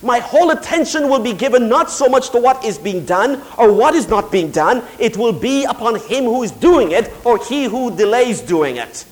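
A middle-aged pastor preaching a sermon, moving from quiet, confiding storytelling to slow, emphatic declarations. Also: male voice, extremely high pitch, very animated, low-quality recording.

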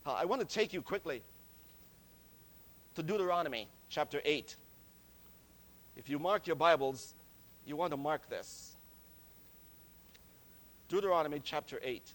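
A man preaching a sermon, slow and deliberate, stressing key words and calling his listeners friends. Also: a little high, expressive, a bit bright.

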